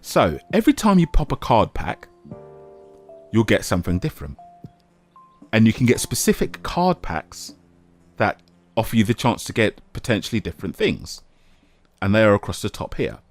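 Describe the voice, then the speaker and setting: A man giving casual, self-mocking commentary over a game he is playing, now and then breaking into a shout. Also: on the low side, huge pitch swings, moderate pace, pauses often, faint music behind. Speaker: gaming YouTuber.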